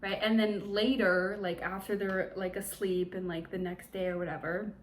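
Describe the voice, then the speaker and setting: A young woman talks through a book's plot in a loose, chatty recap. Her delivery is sarcastic and peppered with fillers, and her voice sits at a middling pitch. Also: flat delivery, normal speed, slight background noise. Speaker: book reviewer. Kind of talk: casual book recap vlog.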